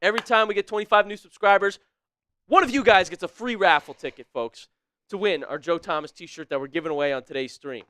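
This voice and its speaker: Excitable high-voiced male stream commentator. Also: fast, smooth, no room sound, studio quality. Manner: shouting excitedly at big plays, laughing often, putting on a playful mock British accent. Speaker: live stream co-host doing play-by-play. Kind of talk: excited fan play-by-play on a live stream.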